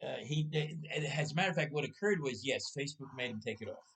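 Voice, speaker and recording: A man's voice: mid-range voice, expressive, fast talker, a bit bright, husky, low-quality recording. A man in his sixties hosting a casual talk show, telling stories and putting rhetorical questions to his listener. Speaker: podcast host. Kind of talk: casual storytelling chat.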